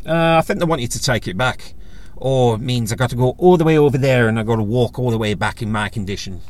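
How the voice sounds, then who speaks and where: A man's voice: medium pitch, fast talker, darkish tone, lightly acted. A man voicing a chatty old Irish lady on a mobility scooter, with an Irish accent, fussy and polite. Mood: fretting.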